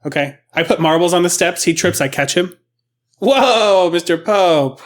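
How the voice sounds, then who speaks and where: A man's voice: a little high, fairly even intonation, fairly quick. A young man co-hosting a comedy podcast, improvising a rambling story and laughing as he acts out the characters. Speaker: podcast co-host.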